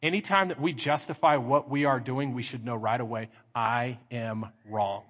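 A middle-aged man preaching a sermon as pastor, lively and acting out little scenes in mock voices. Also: medium pitch, fairly quick, husky. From Texas. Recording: reverberant church hall.

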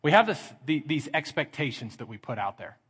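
A middle-aged pastor with a fairly high voice, preaching animatedly and slipping into mock voices to act out everyday scenes. His sermon rings out through a reverberant church hall. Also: sing-song, brisk, a bit bright, breathy edge. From Texas.

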